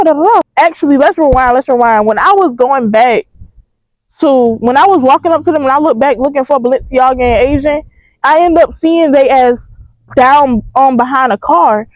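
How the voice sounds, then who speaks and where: A young woman telling a storytime in a casual, profane, animated way. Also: high-pitched, moderate pace, no echo, low-quality recording. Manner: animated, profane, emphatic retelling.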